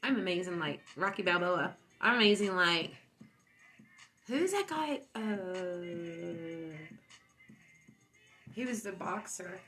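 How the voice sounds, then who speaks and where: A woman's voice: on the low side, steady tone, takes it slowly, pauses often, sharp tone, faint music behind. A stoned woman hosting a casual livestream, rambling, boastful and giggly. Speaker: livestream host.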